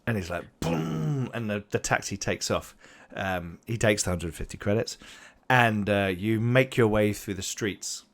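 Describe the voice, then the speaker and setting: A man's voice: on the low side, fairly even intonation, moderate pace, hardly any pauses, a bit bright. A man narrating a tabletop game as game master, rambling with many fillers.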